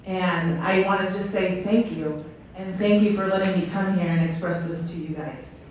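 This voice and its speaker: A woman's voice: fairly low pitch, fairly even intonation, moderate pace, noisy background. A woman coach giving an enthusiastic storytelling speech to a stadium crowd, with many fillers. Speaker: head volleyball coach, guest speaker. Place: outdoor stadium. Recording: echoey stadium PA from far off.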